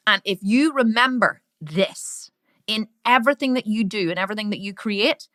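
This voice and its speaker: A middle-aged woman with an Irish accent giving a loud, brash business training talk, swearing freely. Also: mid-range voice, normal speed, no room sound, studio quality. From Ireland. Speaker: business coach.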